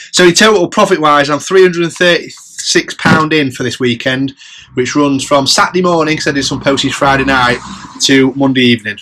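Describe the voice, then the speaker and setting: Bright, chatty man. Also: on the high side. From England. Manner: chatty, upbeat, running tallies of prices and profit. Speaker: reseller vlogger. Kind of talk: casual chat.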